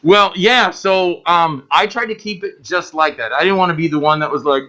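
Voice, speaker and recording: Animated, bright-voiced man telling stories. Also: fairly high pitch, brisk, few pauses, muffled recording. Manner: animated storyteller, acts out quotes, swears. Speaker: guest filmmaker. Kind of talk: casual interview chat.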